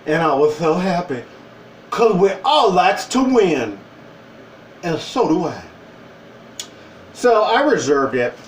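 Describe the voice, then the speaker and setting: A man in his forties telling a personal story to camera in a wry, animated way. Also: high-pitched, takes it slowly, long pauses, a little hiss or hum. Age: 40s. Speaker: vlogger. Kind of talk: casual storytelling. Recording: roomy, distant from the mic.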